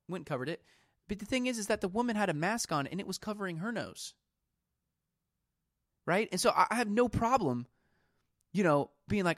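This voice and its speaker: A man's voice: high voice, lively intonation, a little fast, a bit bright, no room sound, clean studio sound. A man hosting a solo podcast, ranting about a pet peeve and retelling arguments with quoted back-and-forth. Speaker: podcast host. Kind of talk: solo venting podcast monologue.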